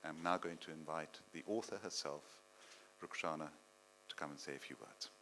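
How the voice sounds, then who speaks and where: A middle-aged man introducing an author at her book launch, speaking with proud, warm praise. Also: extremely low pitch, moderate pace, heavy background noise. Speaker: event host introducing the author. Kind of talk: introductory speech. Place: cultural centre event hall.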